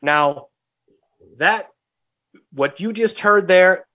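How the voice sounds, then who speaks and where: A young adult man hosting a podcast, telling a story in a lively, profane, casual way. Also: high-pitched, very slow. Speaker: podcast host.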